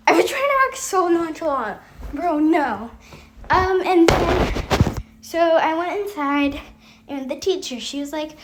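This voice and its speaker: A woman's voice: high-pitched, animated, measured pace, noisy background. A young woman telling a rambling storytime, with lots of fillers and frequent laughs. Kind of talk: casual storytime vlog.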